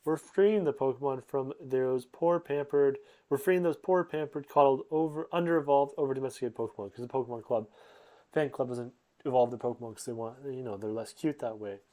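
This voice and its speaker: A man's voice: mid-range voice, fairly quick, warm tone, lightly acted. A man retelling a brash villain captain. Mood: mocking.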